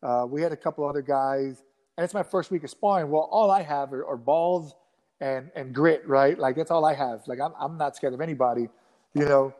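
A man in his thirties telling a rambling, animated story in a casual interview, acting out quotes with many restarts. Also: on the high side, a little fast. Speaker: guest fighter.

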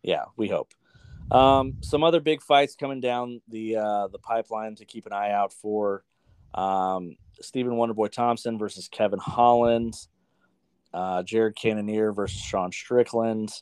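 A man's voice: fairly low pitch, unhurried, a little mellow, smooth, dry recording. An American man co-hosting a sports show in casual chat. He swears freely and trips over names as he reads through results. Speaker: sports podcast co-host.

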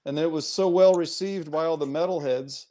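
A man's voice: on the high side, moderate pace, mellow. A man and music journalist in casual chat, reading out details from his notes. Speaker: guest, metal journalist.

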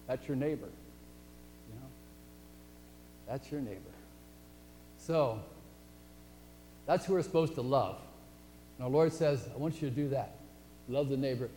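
A man's voice: on the high side, dark tone. A man preaching a sermon in a folksy, conversational storytelling manner. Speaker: pastor. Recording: echoey hall, faint hum.

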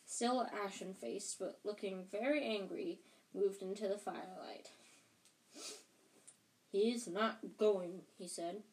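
A woman reading a novel aloud, slow and careful, going back to reread passages. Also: mid-range voice, steady tone, darkish tone, low-quality recording. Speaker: reader.

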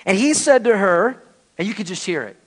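A man preaching a sermon as pastor, in an animated, conversational manner. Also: sits high, fairly quick.

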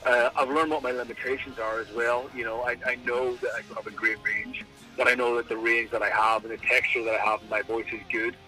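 A man's voice: medium pitch, little pitch movement, brisk, sharp tone, faint music behind, low-quality recording. An Irish man, a singer and frontman, telling a story in an interview and acting out his own quoted lines.

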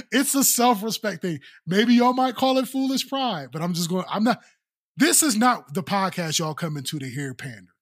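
A man co-hosting a podcast, chatting casually and telling animated, laughing stories. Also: high voice. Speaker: podcast co-host.

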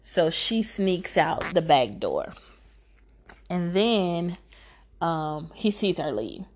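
A woman's voice: on the low side, sing-song, drawn-out words, a little hiss or hum. A woman giving a casual movie recap, sassy and exasperated, talking back to the filmmaker.

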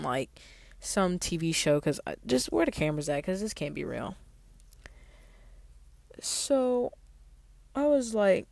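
Blunt, profane low-voiced woman. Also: creaky, no echo. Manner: animated with sudden emphatic outbursts. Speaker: valet parking attendant. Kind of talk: storytime rant.

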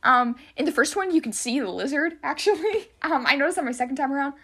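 Young woman, high bright voice, casual rambling podcast host, lots of "um" and "like". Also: expressive, fast. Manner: rambling, chatty, heavy on filler words. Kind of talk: casual solo podcast chat.

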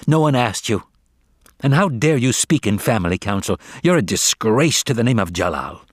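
A man's voice: mid-range voice, big pitch swings, moderate pace, no room sound, studio quality. A man voicing an arrogant, bullying big brother tomcat who sneers and threatens. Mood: snapping. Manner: sneering, menacing.

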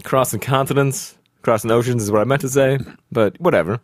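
A man co-hosting a casual podcast, making wry deadpan jokes at his partner. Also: mid-range voice, brisk, no room sound, studio quality. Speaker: podcast co-host.

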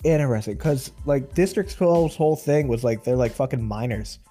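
A man's voice: mid-range voice, normal speed, faint music behind. A man co-hosting a film podcast, chatting casually, laughing and asking questions. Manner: relaxed, laughing, asks questions. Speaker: podcast co-host. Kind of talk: casual chat.

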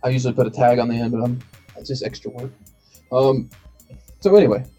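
Podcast host guy, warm mellow voice, rambles a lot, soft music under it. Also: medium pitch, flat delivery, fast talker, highs cut off. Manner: rambling, many fillers and restarts. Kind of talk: casual chat. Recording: faint bed music behind.

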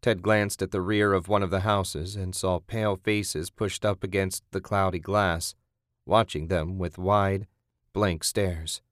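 Deep-voiced man narrating a horror story. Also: steady tone, unhurried, no room sound, clean studio sound. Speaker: audiobook narrator.

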